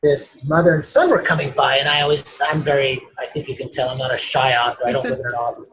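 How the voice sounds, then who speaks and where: Quick-paced and fairly high-pitched, this man comes through poor audio during a remote interview streamed live online. As the author being interviewed, he spins enthusiastic stories in a casual, animated way and acts out others' dialogue as he goes.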